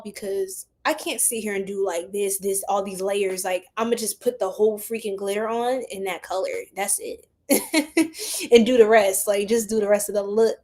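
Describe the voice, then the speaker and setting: Young woman host with a slightly higher voice: bubbly, chatty, shouts out viewers and laughs a lot. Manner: bubbly, greets viewers by name, laughs often. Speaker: psychic livestream host. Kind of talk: casual livestream chat reading comments.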